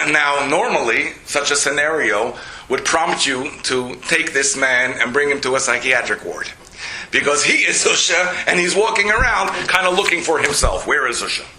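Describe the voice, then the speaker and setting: A man, a rabbi, giving a storytelling lecture, animated, jumping his pitch to act out quotes. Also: moderate pace, slight background noise. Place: lecture hall. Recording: roomy lecture hall echo.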